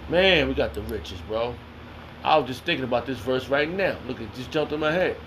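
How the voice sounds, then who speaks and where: A man's voice: mid-range voice, lively intonation, fairly quick, fairly bright tone, a little hiss or hum. A man reading scripture aloud and commenting on it in a heated, confrontational, slangy way. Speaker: self-styled preacher.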